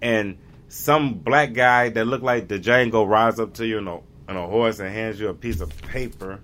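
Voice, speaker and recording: Bright-voiced rambling man. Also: on the low side, normal speed, slight background noise. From United States. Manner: rambling, gropes for words with many restarts. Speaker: vlogger. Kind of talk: casual monologue.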